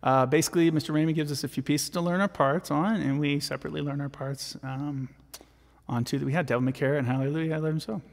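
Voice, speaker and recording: A man's voice: on the high side, fairly even intonation, fast talker, gravelly, long reverb tail. A man, a vocal jazz arranger, chatting casually and self-deprecatingly with viewers while recording his own vocal parts.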